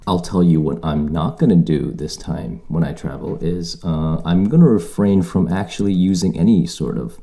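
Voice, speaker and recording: Deep, dark-voiced rambling podcast man. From Canada. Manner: rambling, profane, self-correcting. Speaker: podcast host. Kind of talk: casual solo podcast monologue.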